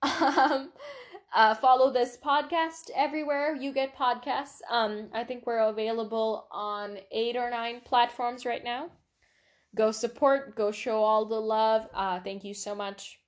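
A woman's voice: fairly high pitch, fairly even intonation, a little slow. A young woman hosting her own podcast, chatting casually and rambling with lots of fillers and giggles. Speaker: podcast host. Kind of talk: casual solo podcast chat.

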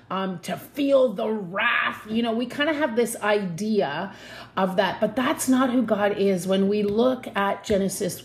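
Chatty woman teaching a devotional. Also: medium pitch. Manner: chatty, earnest, warm laughs, slows to stress points. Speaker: Bible teacher. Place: her home.

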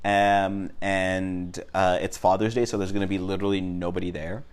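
A woman comedian co-hosting a podcast, quick-witted and teasing in casual chat. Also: extremely low pitch, flat delivery, darkish tone, smooth. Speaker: stand-up comedian, podcast co-host.

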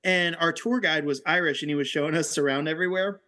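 A man's voice: fairly high pitch, fast, bright, forceful tone. A man hosting a podcast, chatting casually, laughing often and trying to cut in. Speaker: podcast host. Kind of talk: casual chat.

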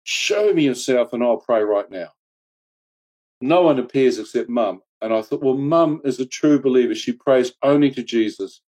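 A man, earnestly recounting a personal near-death testimony with reflective pauses and wry humor. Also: mid-range voice, a little mellow. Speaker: guest telling his testimony.

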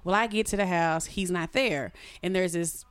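A woman telling a personal story in casual chat, animated and frank, swearing freely. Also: normal speed. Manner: animated, swoops her voice high when reenacting.

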